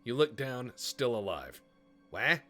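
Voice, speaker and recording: A man's voice: medium pitch, takes it slowly, music in the background. Joking man hosting a gaming chat. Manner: joking, swears, animated asides. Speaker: host of a gaming show.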